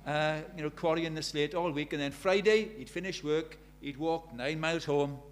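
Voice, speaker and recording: A man's voice: on the high side, moderate pace, slight background noise. A man preaching a sermon, telling stories in a conversational way and building to urgent emphasis.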